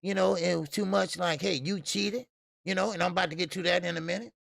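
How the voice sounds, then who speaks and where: A man hosts a boxing talk stream, and his voice is heavily gravelly and sits a little high. He chats loosely and curses freely. The sound is dry and close. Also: little pitch movement, quick pace, no room sound. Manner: loose, profane, shouts out chat viewers, laughs often. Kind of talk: casual livestream chat.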